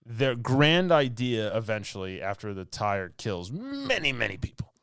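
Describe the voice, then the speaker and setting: A man with a smooth, resonant voice rambles through a movie plot for his podcast, full of fillers and asides. The sound is close and dry, with no room around it. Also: mid-range voice, big pitch swings, measured pace, a bit bright, dry recording. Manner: rambling, filler-heavy storytelling with laughs. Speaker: podcast co-host. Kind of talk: casual movie recap.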